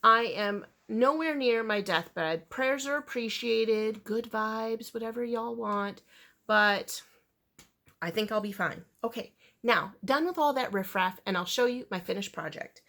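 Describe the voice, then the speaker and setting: Chatty woman, somewhat high voice. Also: a little slow, pushed and bright. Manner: chatty, rambling, with fillers and self-corrections. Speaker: crochet vlogger. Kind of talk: casual chat to camera.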